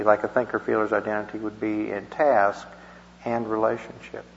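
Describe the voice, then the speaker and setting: A man's voice: on the low side, vocal fry, slight background noise. A man teaching a church class in a rambling, folksy way, with chuckling asides and homespun stories. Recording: echoey, dull lo-fi room recording.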